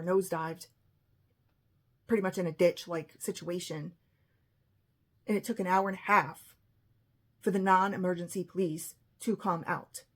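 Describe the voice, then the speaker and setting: A woman with a husky voice telling an emotional personal story, often quoting what others said. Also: lowish voice.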